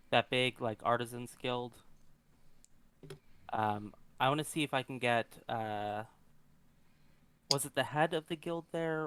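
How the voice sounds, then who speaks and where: A man playing a tabletop game, casually thinking aloud with pauses and fillers. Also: mid-range voice, fairly bright tone, smooth. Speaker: player.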